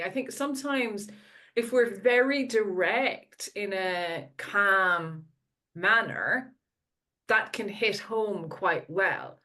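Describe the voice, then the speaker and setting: Calm woman giving direct, practical advice. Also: mid-range voice, slow. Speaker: podcast host. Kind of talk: casual advice conversation.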